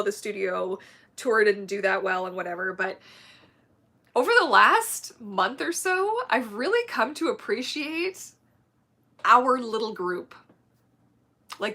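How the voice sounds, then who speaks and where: A woman whose first language is German, hosting a casual livestream, chatting warmly with viewers, gushing and laughing often. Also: mid-range voice. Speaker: livestream host.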